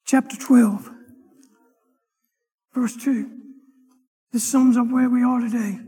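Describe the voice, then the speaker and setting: A high, light male voice rings out in a church hall, its words trailing off in a long echo. He is a deacon teaching a Sunday morning Bible lesson, reading the verses with swelling emphasis. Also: steady tone, slow pace, husky. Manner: emphatic, swells loud on scripture verses and exhortations. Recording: long reverb of a large hall.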